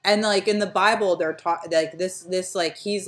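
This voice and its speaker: A young woman co-hosting a casual podcast chat, rambling with lots of fillers and trailing off softly. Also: on the low side, normal speed, hardly any pauses, faint music behind. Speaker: podcast co-host.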